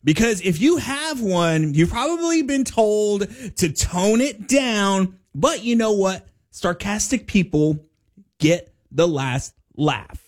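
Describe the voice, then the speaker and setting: A man hosting a morning radio show, upbeat and joking with quick asides. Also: sits high, lively intonation.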